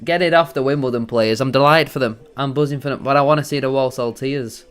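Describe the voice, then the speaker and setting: An excitable man giving gloating, bantering live commentary as a football fan on a match watchalong stream. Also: medium pitch, fast talker, clear, resonant tone.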